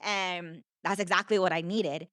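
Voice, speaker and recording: Young woman guest, slightly low voice, dry close sound, earnest storytelling with lots of fillers. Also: steady tone, a little slow, fairly bright tone, no room sound. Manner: earnest, repeats herself, many "like" fillers. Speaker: podcast guest. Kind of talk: conversational storytelling.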